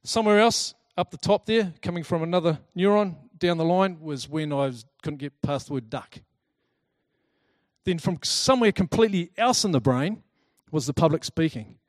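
A man giving a talk to a live audience, lively and chatty, telling personal stories and acting out the people in them. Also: fairly high pitch, normal speed, no room sound, clean studio sound. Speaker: speaker presenting to a group.

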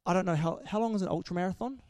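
A man's voice: high voice, very fast, a little mellow, dry recording, clean studio sound. A man preaching a casual sermon in a chatty, joking way, often restarting his sentences.

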